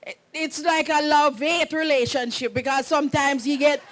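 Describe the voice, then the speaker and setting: A woman's voice: high-pitched, steady tone, normal speed. A middle-aged woman, the groom's mother giving a wedding message, telling a meandering story, often saying "anyways" and laughing. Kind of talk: rambling personal storytelling.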